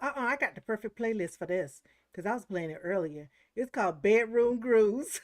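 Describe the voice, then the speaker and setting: A woman's voice: mid-range voice, expressive, normal speed, fairly bright tone. A woman streaming a story game, chatty and laughing often as she talks to her viewers. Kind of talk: casual game commentary. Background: faint music.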